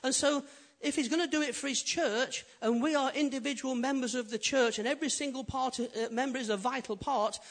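A man preaching a sermon as pastor, swinging from loud, emphatic build-ups to quiet, intimate asides. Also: very high-pitched, brisk, hardly any pauses. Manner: animated preaching, rising loud then dropping quiet.

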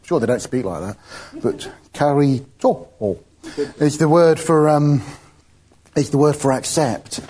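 Husky, mellow-voiced man preaching casually. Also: on the high side, animated, a little slow. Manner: chatty, laughs between points. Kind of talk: informal sermon.

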